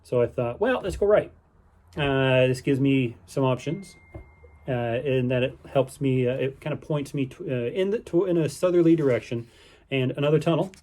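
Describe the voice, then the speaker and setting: A man's voice: medium pitch, fairly even intonation, normal speed, darkish tone. Rambling man recapping his day. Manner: rambling, with many fillers and restarts; easygoing and upbeat. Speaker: vlogger on a canal boating holiday. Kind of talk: casual spoken recap.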